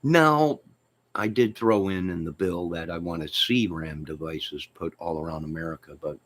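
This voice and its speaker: A man hosting his own channel, chatting in a rambling, jokey way with sudden loud outbursts. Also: deep voice, normal speed. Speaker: channel host. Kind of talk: rambling joking livestream chat.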